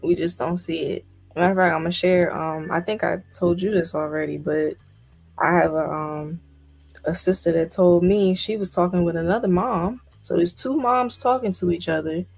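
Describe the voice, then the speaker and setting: A woman's voice: fairly low pitch, fairly even intonation, normal speed, vocal fry, a little mellow. A woman guest in a casual discussion, talking emphatically with indignant rhetorical questions. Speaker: guest commentator.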